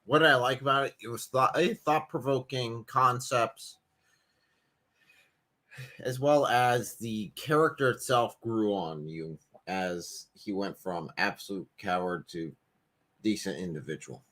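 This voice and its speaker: Dry, blunt man with a lowish voice. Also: a little slow, pushed and bright. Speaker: co-host. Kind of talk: casual movie review chat.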